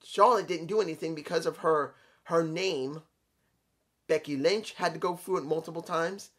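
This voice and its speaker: A man's voice: fairly high pitch, moderate pace, breathy edge. Man lecturing viewers in a wrestling rant. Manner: lecturing, repeats himself, stops to calm himself. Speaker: wrestling commentary vlogger. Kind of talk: solo opinion rant to camera.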